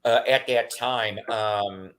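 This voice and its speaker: A man's voice: on the low side, slow pace. A middle-aged man rambling through casual stories in a chat, with lots of fillers and restarts. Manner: rambling and animated, with many fillers.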